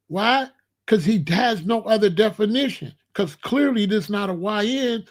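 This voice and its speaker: A man in his sixties hosting his own show, talking in a casual, emphatic monologue and drawing out his phrases. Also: high-pitched. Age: 60s. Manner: emphatic, repetitive, drawn-out phrasing. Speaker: show host.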